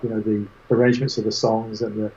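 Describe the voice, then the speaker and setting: A man as an interview guest, telling lively anecdotes with quoted voices in casual chat. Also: on the low side, fast talker, muffled recording. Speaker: guest photographer.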